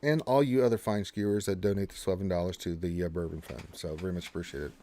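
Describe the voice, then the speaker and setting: Excitable man hosting a gaming livestream. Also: low-pitched, quick pace. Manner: excitable, chatty, talks to himself while playing. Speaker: livestream host. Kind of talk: casual livestream chat while gaming.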